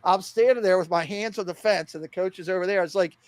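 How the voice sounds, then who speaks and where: A middle-aged man co-hosting a podcast, telling a long story in a lively, laughing way and acting out the lines people said. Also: sits high, fast talker, no room sound. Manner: animated, laughing storyteller who acts out quoted lines. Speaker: podcast co-host. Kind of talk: casual storytelling chat.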